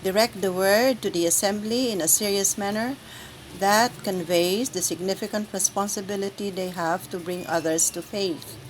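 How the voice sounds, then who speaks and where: A woman guiding church lectors through the Sunday readings, speaking in a slow, deliberate, carefully enunciated way. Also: mid-range voice, slight background noise, low-quality recording. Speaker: lector trainer. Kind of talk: instructional reading guide.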